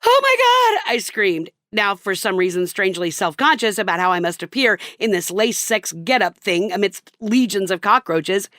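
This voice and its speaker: A woman's voice: medium pitch, moderate pace, hardly any pauses, a bit bright, no room sound, studio quality. Wry middle-aged woman telling a comic story. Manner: wry, self-mocking. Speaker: narrator. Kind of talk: comic personal story reading.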